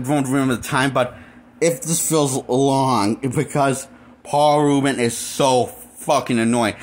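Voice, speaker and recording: A man reviewing a movie in a casual, rambling rant, full of restarts and blunt, exasperated complaints. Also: mid-range voice. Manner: rambling, with frequent restarts and fillers. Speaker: movie critic.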